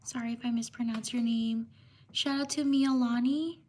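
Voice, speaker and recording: A woman hosting a casual livestream, giving slow, unhurried shout-outs and apologizing for mispronouncing names. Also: a little high, fairly even intonation, slight background noise. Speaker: livestream host.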